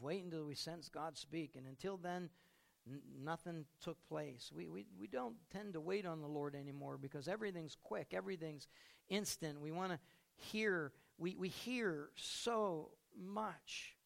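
A middle-aged man preaching a sermon as pastor, telling stories with loud outbursts and quiet reflective stretches. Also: on the high side, creaky.

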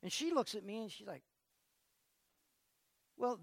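A male pastor delivers a sermon in an easy, conversational manner and often restarts and repeats his words. His voice sits high for a man and sounds bright. The recording is dry and close. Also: expressive, no echo. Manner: conversational preaching with frequent halting repeats.

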